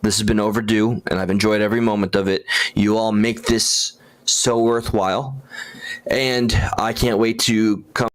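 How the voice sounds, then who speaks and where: A man hosting a casual livestream, rambling and gushing with halting restarts as he talks to his viewers. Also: lowish voice, little pitch movement. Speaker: livestream host.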